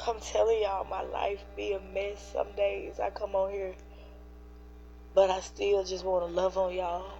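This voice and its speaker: A woman's voice: medium pitch, little pitch movement, measured pace, gravelly, mellow. A woman, teary-eyed and earnest, hosting a livestream to encourage her viewers. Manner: earnest, preachy, speaks to chat directly. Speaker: livestream host. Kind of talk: emotional encouraging livestream chat. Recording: dull lo-fi livestream audio with faint hum.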